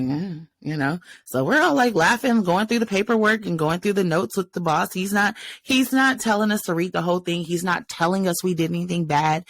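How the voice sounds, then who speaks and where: On a podcast microphone with no room sound, a woman with a fairly low voice co-hosts a casual storytelling chat. She's animated, laughing as she retells a workplace story and acts out what other people said.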